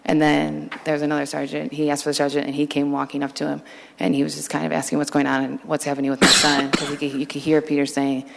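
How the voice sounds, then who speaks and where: A woman witness answering questions at a hearing in halting, plainspoken replies. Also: low-pitched, completely flat delivery, creaky, big-room sound, slight background noise. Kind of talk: answering questions under oath.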